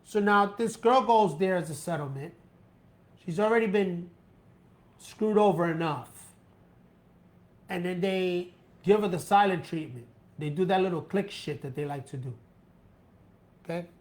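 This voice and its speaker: A man hosting a casual live stream, loose and relaxed, reading a viewer's post aloud with emphasis. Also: sits high, measured pace, long pauses. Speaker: host.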